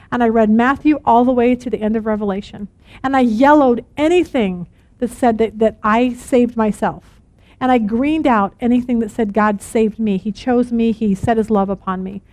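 A middle-aged woman teaching a Bible study, earnest and animated, telling stories and acting out quotes. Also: on the high side, no room sound.

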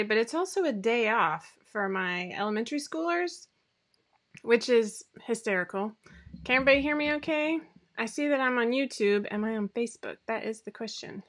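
Chatty, bright-voiced woman on a home livestream. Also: sits high. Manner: chatty, rambling, self-deprecating, many fillers. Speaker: sewing pattern designer hosting a weekly live show. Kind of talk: casual livestream chat. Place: home room.

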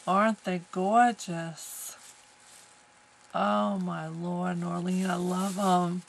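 A woman's voice: medium pitch, fairly even intonation, slow pace, creaky, a little hiss or hum, low-quality recording. A woman from the United States opening a package on camera, gushing with lots of exclamations. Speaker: crafting vlogger. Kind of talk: casual unboxing chat.

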